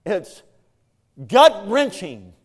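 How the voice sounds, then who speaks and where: A man's voice: high voice, sing-song, very slow, husky. Older man preaching with raw emotion. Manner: emotional storytelling, swinging from shouted questions to hushed, heavy delivery. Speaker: pastor. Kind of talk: sermon.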